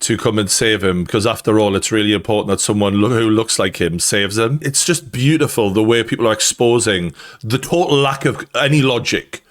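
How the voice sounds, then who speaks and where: A man's voice: lowish voice, fairly quick. A man with a Geordie accent giving blunt, sweary and sardonic commentary on news clips. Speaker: YouTube commentator.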